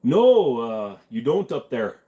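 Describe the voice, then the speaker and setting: A man's voice: medium pitch, normal speed, darkish tone. A man hosting a casual livestream chat, rambling in a laid-back way with lots of fillers. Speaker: host.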